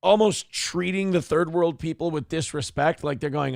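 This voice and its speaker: A man's voice: a little high, unhurried, vocal fry, dry recording, clean studio sound. A man from Minnesota hosting a casual commentary show, ranting sarcastically and swearing freely. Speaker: host.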